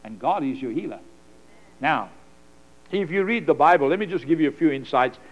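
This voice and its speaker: High-voiced preacher man, dull lo-fi sound. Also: lively intonation, normal speed. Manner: dramatic preaching with sudden loud bursts and acted-out voices. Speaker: pastor. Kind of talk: sermon.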